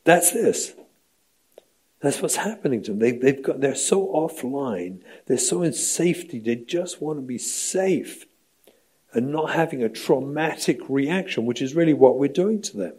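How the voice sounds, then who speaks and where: A man's voice: mid-range voice, animated, a little slow, mellow, husky. A middle-aged man, a rabbi, giving a training lecture in an emphatic, rhetorical way, often checking in with "right?". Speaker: rabbi lecturing on parenting and education.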